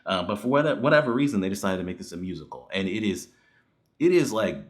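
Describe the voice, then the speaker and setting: A man with a fairly low voice talks through a movie review in a loose, conversational way. He is animated and exasperated, swears freely and breaks into laughter often. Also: fast talker. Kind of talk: casual spoken movie review.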